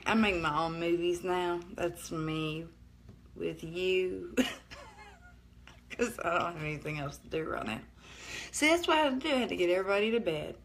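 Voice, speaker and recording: A middle-aged woman with a northeast Alabama Southern accent, chatting casually on a live stream from home, rambling and cutting herself off, laughing often. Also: fairly low pitch. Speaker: livestream host. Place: at home at night.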